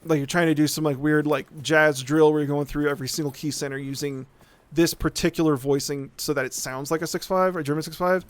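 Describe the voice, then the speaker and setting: A man talks through a long, rambling rant while he plays, cursing easily and checking in with his listeners. His voice sits a little high and sounds clean and resonant. The room is dry and close. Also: fairly even intonation, brisk, no room sound. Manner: rambling, profane, keeps asking "right?". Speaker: streamer. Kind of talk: casual live-stream rant while gaming.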